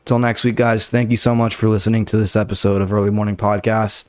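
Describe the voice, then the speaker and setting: A man's voice: on the low side, flat delivery, fast, no echo, clean studio sound. A young man hosting a podcast, telling a story in a casual way, full of slang and swearing. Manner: laid-back, heavy slang and swearing, retells his own lines. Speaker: podcast host.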